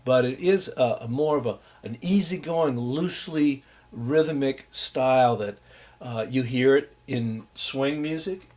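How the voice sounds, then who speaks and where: Man, music instructor, recorded lecture, slow unhurried delivery, scats rhythms, mid-pitched voice. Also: a little mellow. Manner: scats and hums rhythms to demonstrate; unhurried, loose, with many fillers.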